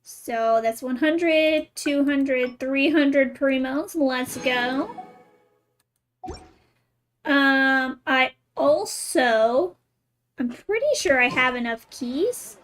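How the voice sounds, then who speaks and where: A woman's voice: high-pitched, extremely slow. A woman game streamer in casual chat, reading a children's story aloud with giggly, amused asides.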